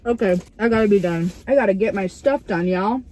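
A woman's voice: mid-range voice, a little fast, mellow, slight background noise. A young woman vlogging from inside her parked car, chatting casually in a rambling, giggly way that startles easily. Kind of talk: casual vlog chat.

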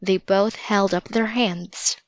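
A woman reading a children's storybook aloud in steady, measured narration. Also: medium pitch, no echo. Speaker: storybook reader. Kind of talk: children's book read-aloud. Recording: dull lo-fi recording.

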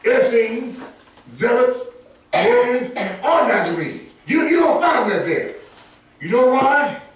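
A man preaching a sermon, emphatic and animated, often rising into shouts and chuckling between points. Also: extremely high pitch. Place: church sanctuary. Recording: echoey church from far off.

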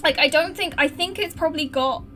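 A woman's voice: high-pitched, brisk, sharp tone, faint music behind. A woman streaming a game live from her home desk, chatting, laughing often, and cooing at her cat. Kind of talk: live gameplay commentary.

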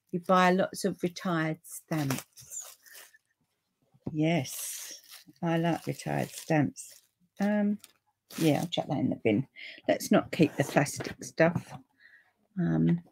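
A middle-aged woman with a British accent hosting a relaxed live papercraft stream, chatting to viewers and easily delighted. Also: on the low side. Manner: chatty and easily delighted, with frequent gasps and laughs.

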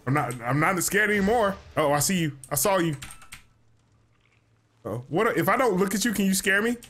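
A man's voice: high-pitched, lively intonation, moderate pace, fairly bright tone. A young man chatting playfully and jumpily while playing a horror game with a friend. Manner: playful, jokey, easily spooked. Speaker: gaming YouTuber. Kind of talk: casual gameplay chat.

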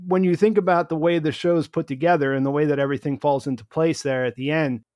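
A man's voice: on the high side, fairly even intonation, fast, a little mellow, no echo, clean studio sound. A man hosting a casual discussion, rambling, with many restarts and fillers. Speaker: host.

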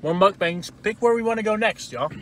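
Fast-talking young man teasing in a car. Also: high voice, a bit bright, a little hiss or hum. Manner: teasing, blunt. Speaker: podcast co-host doing a food review. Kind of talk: casual chat while eating. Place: inside a parked car.

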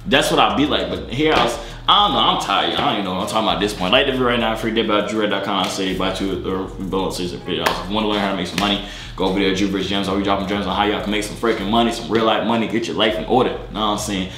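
Deep-voiced young man teasing strangers. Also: racing, sharp tone, roomy sound, soft background music. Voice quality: deep, sleepy late-night voice. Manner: teasing, blunt. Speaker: vlogger. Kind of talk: casual video chat banter. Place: bedroom at night.

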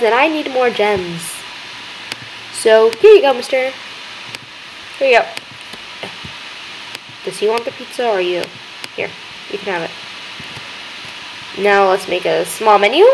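A young woman hosting a gaming video, chattering excitedly as she plays and talking to the characters on screen. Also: medium pitch, vocal fry, slight background noise, low-quality recording. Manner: excitable, gasping, talks to game characters. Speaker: gaming channel host. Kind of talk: let's-play commentary.

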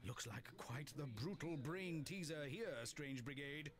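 A man's voice: fairly high pitch, a little slow, lightly acted. An actor voicing a theatrical, old-fashioned male narrator for a game, with a grandiose, jaunty announcer delivery.

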